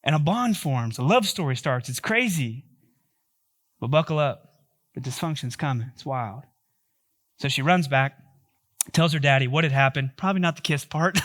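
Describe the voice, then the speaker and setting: A man's voice: fairly high pitch, fairly bright tone. A male pastor giving a sermon, telling a story in a joking, conversational way.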